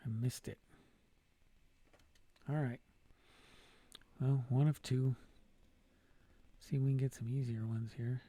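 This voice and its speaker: Mellow, husky man muttering through a game. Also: medium pitch, flat delivery, slow, long pauses. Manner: thinking aloud, muttering half-whispered asides to himself. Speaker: game player. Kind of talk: solo game commentary.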